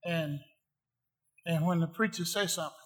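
A man's voice: fairly high pitch, moderate pace. A man preaching a sermon to a congregation, emphatic and rhythmic, repeating phrases for effect.

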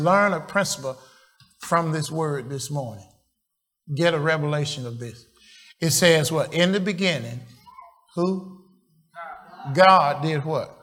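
Preacher guy, slow and halting, keeps asking the church "what?", a bit high-pitched. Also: a bit bright. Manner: call-and-response questions to the congregation; slow, halting, repeats and restarts phrases. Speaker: pastor. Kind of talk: sermon.

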